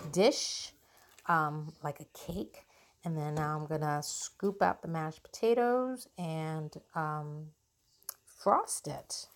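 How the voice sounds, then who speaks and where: A middle-aged woman talks through a home cooking vlog in her kitchen. Her voice sits a little low, and she chats easily, with frequent ums and quick self-corrections.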